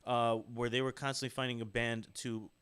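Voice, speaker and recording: A man's voice: medium pitch, little pitch movement, a little fast, fairly bright tone, clean tone, no room sound. A man co-hosting a music podcast, explaining songs in a casual, rambling way with plenty of fillers. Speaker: podcast co-host. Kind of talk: casual chat. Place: home studio in New York City.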